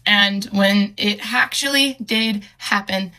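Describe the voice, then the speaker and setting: A young woman with a bright, forward voice recounts a personal story in a casual way. She talks haltingly, stops and restarts often, and sounds earnest and emotional. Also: mid-range voice. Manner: halting, hesitant, with many fillers and restarts.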